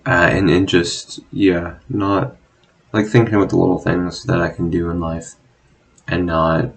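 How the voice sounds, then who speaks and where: A young man talking casually in a rambling, self-deprecating monologue, swearing often and filling pauses with "like" and "um". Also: deep voice, level tone, creaky, poor audio. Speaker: vlogger. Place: at home, drinking.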